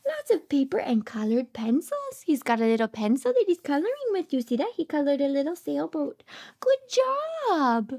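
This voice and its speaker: Very high-pitched, sing-song woman reading to toddlers. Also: fairly quick, hardly any pauses. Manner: animated sing-song with frequent gasps and hushed asides. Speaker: speech therapist. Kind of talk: children's picture-book read-aloud.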